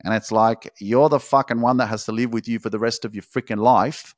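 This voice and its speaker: Man with forceful profane pep talk. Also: medium pitch, steady tone, fairly quick, no echo, clean studio sound. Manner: profane, forceful, repetitive exhortation. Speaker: motivational coach. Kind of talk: motivational monologue.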